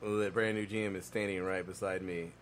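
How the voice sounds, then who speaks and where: Profane animated man telling stories. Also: low voice, fairly quick, a little hiss or hum. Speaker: podcast co-host. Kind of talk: casual chat.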